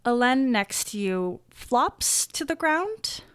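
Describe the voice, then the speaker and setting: A woman running a tabletop game as game master, narrating scenes slowly and descriptively, her voice still worn from losing it. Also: a little high, sing-song, fairly bright tone, smooth, dry recording, studio quality. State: recovering from a lost voice.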